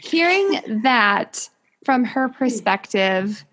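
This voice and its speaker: A woman's voice: on the high side, big pitch swings, drawn-out words, fairly bright tone, low-quality recording. A woman podcast co-host acting as interviewer, asking questions in a playful, curious way in a casual conversation.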